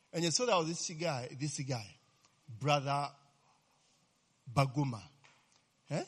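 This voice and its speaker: A man's voice: medium pitch, slightly rough. A man preaching a sermon in a chatty, joking way, often asking "eh?" and "amen?" to keep his listeners engaged.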